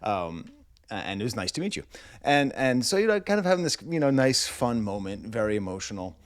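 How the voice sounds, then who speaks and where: A man's voice: mid-range voice, very animated, a little fast, dry recording. Middle-aged man, music reviewer, rambling wry storytelling, dry close sound, indoors. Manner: rambling, wry, comic asides. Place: indoors in a rental house.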